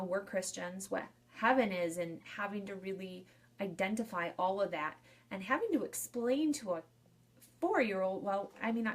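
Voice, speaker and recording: Young woman funeral director chatting on a live video, loose and repetitive, everyday middle pitch. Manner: chatty and repetitive, restating points in loose lists. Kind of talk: casual live-video advice talk to students.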